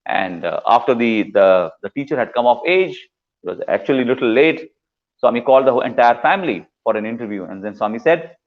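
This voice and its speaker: A man's voice: medium pitch, animated, brisk, muffled recording. Earnest man telling devotional stories. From India. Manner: earnest, repeats words for emphasis, acts out quoted dialogue. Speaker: guest speaker. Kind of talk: devotional storytelling talk.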